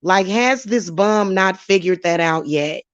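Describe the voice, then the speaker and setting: A woman vents straight at her viewers with a steady stream of profanity, her voice at an ordinary middle pitch. The sound is dull and lo-fi, with a dry, close feel and no room echo. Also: unhurried. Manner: profane, heated, talking straight at commenters. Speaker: channel host and spiritual reader. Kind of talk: live-stream rant to viewers.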